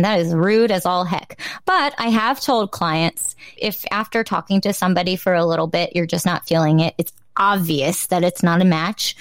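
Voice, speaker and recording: A woman's voice: on the low side, no echo, studio quality. A woman in her forties, a dating coach, talking in a casual interview with emphatic, joking delivery.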